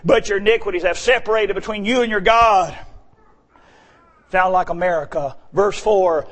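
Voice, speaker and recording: A middle-aged man preaching a sermon, swinging between quiet asides and shouted, high-pitched exclamations. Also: moderate pace, rough recording.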